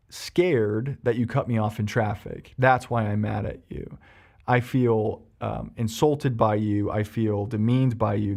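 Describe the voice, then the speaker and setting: A man, a therapist, explaining emotions on a podcast and telling a personal story, animated and full of ums and restarts. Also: lowish voice, gravelly.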